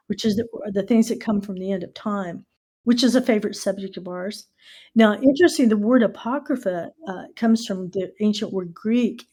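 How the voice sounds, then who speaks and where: A middle-aged American woman hosting a casual podcast, telling stories with lively asides and spelling out words letter by letter. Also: medium pitch. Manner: animated storyteller who spells out words letter by letter. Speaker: podcast host.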